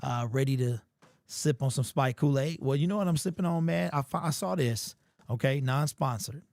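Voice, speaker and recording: A man with a hoarse, sore-throated voice, hosting a casual sports livestream and chatting loosely with viewers. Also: medium pitch, normal speed, darkish tone, dry recording, clean studio sound. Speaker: sports show host.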